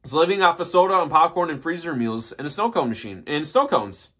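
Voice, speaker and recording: A man's voice: a little high, expressive, brisk, fairly bright tone. A man reading a list in a mocking, profane rant, with rambling asides and restarts. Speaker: commentary YouTuber. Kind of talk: ranting commentary.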